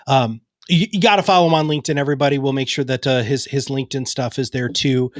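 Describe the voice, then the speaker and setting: A man's voice: mid-range voice, steady tone, fast talker, no room sound, clean studio sound. A man hosting an interview show, thanking his guest in an appreciative, upbeat way. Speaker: host.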